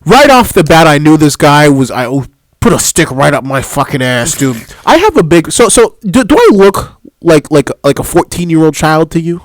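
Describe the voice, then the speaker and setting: Man, young adult, podcast co-host, high voice, very lively pitch, loud laughing outbursts, heavy swearing, dry close sound. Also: moderate pace, dry recording. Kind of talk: casual comedic podcast banter.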